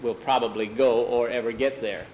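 A man voicing a calm, steady frontier sheriff who speaks plainly and evenly. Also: medium pitch, moderate pace, dull audio, slight background noise, lightly acted.

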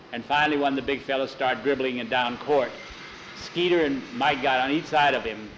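A man telling a sports story in a folksy, animated way, with many "he said"s. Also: mid-range voice, slight background noise, rough recording. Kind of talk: told story narration.

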